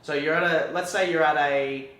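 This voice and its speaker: A man hosting a podcast in casual chat, relaxed, setting up scenarios with plenty of fillers. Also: fairly high pitch, moderate pace. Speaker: podcast host. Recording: roomy echo, distant mic.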